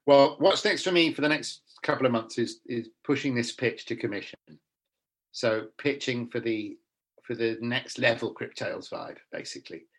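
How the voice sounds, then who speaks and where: A man's voice: mid-range voice, moderate pace, slightly rough. A middle-aged man, an actor talking bluntly and animatedly in a casual interview, often restarting his sentences.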